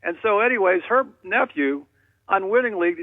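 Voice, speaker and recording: A man's voice: high voice, lively intonation, normal speed, dry recording. A man calling in to a radio show, telling rambling, jokey stories over a phone line. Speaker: caller.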